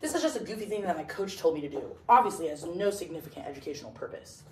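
A woman's voice: low-pitched, expressive, racing, far from the mic, background noise. Blunt, chatty young woman lecturing. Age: young adult. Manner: blunt, chatty, full of "like" and "okay?". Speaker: debate coach lecturer. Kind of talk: casual classroom lecture. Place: classroom. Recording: roomy classroom, voice from across the room.

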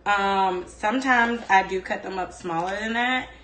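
A woman's voice: mid-range voice, unhurried, echoey room, slight background noise. A woman hosting a home cooking show, chatting casually and expressively as she cooks. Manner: chatty and expressive, fond of the word "like". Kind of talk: casual chat while cooking. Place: home kitchen.

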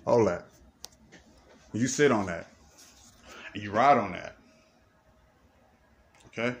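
A man's voice: fairly low pitch, slow, vocal fry, pauses often. A man delivering a confrontational, profanity-heavy rant to a camera, repeating himself and firing accusing questions. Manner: confrontational, repetitive, swearing. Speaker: person ranting to camera.

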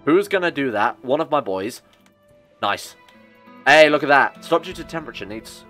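A man's voice: medium pitch, expressive, normal speed, pushed and bright, soft background music. A man giving casual, joking commentary while he plays a video game, often annoyed and swearing. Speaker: gaming streamer.

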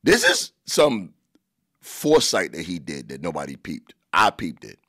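A man's voice: low-pitched, sing-song, measured pace, fairly bright tone, no room sound. A man hosting a podcast alone, a comedian giving crude, joking commentary from his own studio. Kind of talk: casual podcast monologue.

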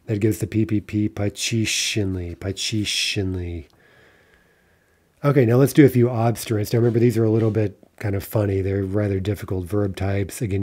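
A man teaching a grammar lesson in a relaxed lecture style, often checking in with "right?" and "okay" as he walks through examples. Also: on the low side. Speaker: language teacher.

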